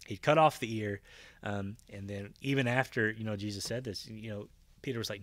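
Guy with a lowish voice doing a chatty bible sermon, lots of ums and restarts, dry close sound. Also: brisk, no room sound. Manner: retells scenes with lively voiced quotes, frequent fillers and restarts. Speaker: pastor. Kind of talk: conversational Bible-teaching sermon.

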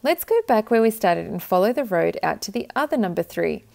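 A woman voicing a clever, curious young girl adventurer in a storybook read-aloud, with a slightly gravelly voice. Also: mid-range voice, expressive, a little fast, darkish tone.

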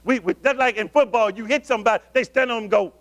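High-voiced male preacher calling out. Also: fast talker, a little hiss or hum. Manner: call-and-response preaching, asking the congregation questions; swings between loud emphatic calls and low murmurs. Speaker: pastor. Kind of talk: sermon.

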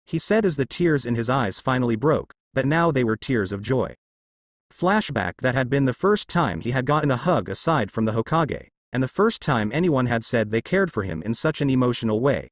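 A man reads a fanfiction story aloud as an audiobook narrator. His pitch is animated and expressive, and his voice sits in the middle range. The sound is dry and close, with no room echo. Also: normal speed.

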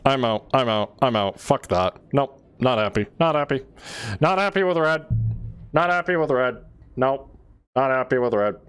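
A man's voice: mid-range voice, expressive, normal speed, a bit bright, clear, resonant tone. A man streaming a game, ranting and swearing in exasperated, repetitive bursts. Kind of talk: frustrated gameplay commentary. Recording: faint music behind.

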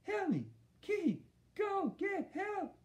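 A man voicing a panicked young boy crying for help with his lips frozen to a mirror, in high wailing pleas. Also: big pitch swings, slow pace, darkish tone, full character voice. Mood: pleading.

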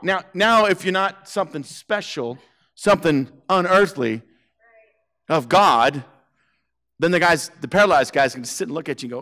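A man's voice: high voice, animated, moderate pace, a bit bright. A man preaching a sermon to his church, telling the story playfully, acting out the characters' lines and laughing often. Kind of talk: animated sermon with acted-out scenes. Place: church sanctuary.

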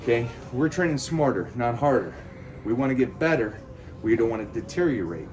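A man mid-cardio, short of breath, talking straight to his fans in a pumped-up pep talk. His pitch sits in a middling register, and he grabs a breath after every sentence or so. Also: a little fast, music in the background. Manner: pep-talk, addresses viewers directly. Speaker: fitness vlogger. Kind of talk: motivational vlog talk.

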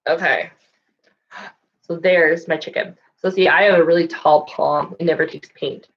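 A woman's voice: sits low, steady tone, normal speed, lo-fi sound. A woman librarian reading a farm picture book aloud to young children, asking them questions, then leading a handprint painting craft. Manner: sing-song storytelling, asks children questions. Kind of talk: storytime read-aloud and craft lesson. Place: library, indoors.

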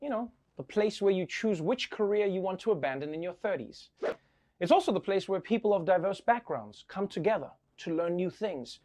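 A man's voice: sits high, animated, normal speed, darkish tone. A man hosting a comedic late-night segment, wry and playfully flustered, stammering in the banter. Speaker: host.

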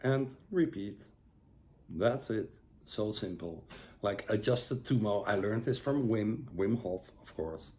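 A man giving a relaxed, rambling guided breathing lesson, full of fillers and restarts. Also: fairly low pitch, unhurried, slight background noise. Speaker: breathwork instructor.

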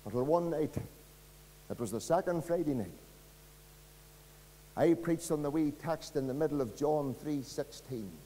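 Earnest Northern Irish preacher, high voice. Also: male voice, unhurried, long pauses, a little hiss or hum. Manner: earnest, pleading, dramatic swings from loud to hushed. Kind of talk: evangelistic sermon. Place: church. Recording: long reverb of a church hall.

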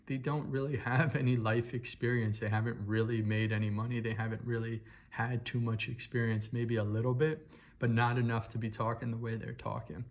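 Man, casual vlog rant, frank and repetitive, slightly dull lo-fi audio. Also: mid-range voice. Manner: frank, repetitive, runs on with "and then". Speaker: vlogger.

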